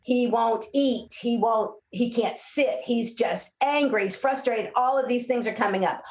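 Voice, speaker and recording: A woman with a fairly high voice tells stories in a relaxed interview, slipping into the voices of children and parents she quotes. The room around her is echoey. She talks as a speech-language pathologist explaining things to a host. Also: a little slow. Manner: animated storyteller, acts out quotes of kids and parents. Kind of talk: casual interview conversation.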